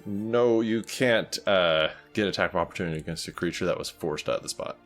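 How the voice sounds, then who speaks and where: A man narrating and ruling as game master of a tabletop game, animated and quick to laugh, with faint music underneath. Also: low-pitched. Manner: animated, laughs often, voices creatures.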